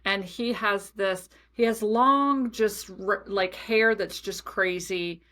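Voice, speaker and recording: A woman's voice: mid-range voice, slow pace. Chatty woman telling a story. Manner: chatty, animated storytelling with many asides and fillers. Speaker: podcast host. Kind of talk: casual storytelling monologue.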